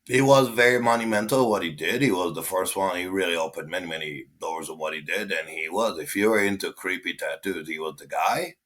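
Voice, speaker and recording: Deep forceful man. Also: fairly quick, hardly any pauses. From Israel. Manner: animated, swearing, acting out quotes. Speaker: guest, tattoo artist. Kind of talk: casual storytelling.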